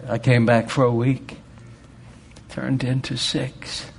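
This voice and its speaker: A man preaching a sermon with fervor, swinging from loud exclamations to hushed storytelling. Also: mid-range voice, flat delivery, slow pace, creaky, slight background noise.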